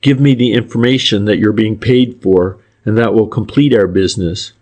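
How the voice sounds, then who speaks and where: A man reading as an impatient gentleman. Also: on the low side, moderate pace, close to an everyday voice. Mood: angry. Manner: curt and sharp. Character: impatient, short-tempered gentleman. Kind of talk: audiobook character reading.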